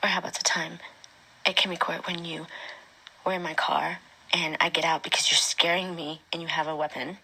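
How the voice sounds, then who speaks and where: A woman speaking an emotional personal testimony straight to her former partner, often dropping to a hushed whisper. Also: low voice, little pitch movement, brisk, breathy edge, low-quality recording. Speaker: mother recounting her own experience.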